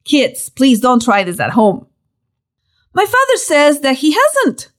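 Lively, high-voiced woman telling a story. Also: takes it slowly. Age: young adult. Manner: lively storytelling with playful emphasis. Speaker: narrator. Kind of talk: reading a personal story aloud.

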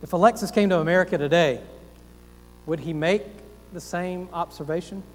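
Male pastor, folksy sermon voice, slightly high, heard in a long-reverb church hall. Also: normal speed, slight background noise. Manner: earnest, folksy, rhetorical questions, self-deprecating asides.

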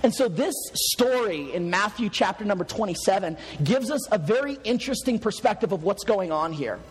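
A man preaching a sermon, animated and swinging from hushed to loud, laughing often as he tells stories. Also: high voice, moderate pace, breathy edge. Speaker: pastor. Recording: long hall reverb.

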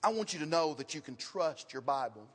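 A man with a slightly high, sing-song voice and a breathy edge preaches briskly, teaching his congregation with questions and emphatic repetition. The recording carries the long reverb of a hall.

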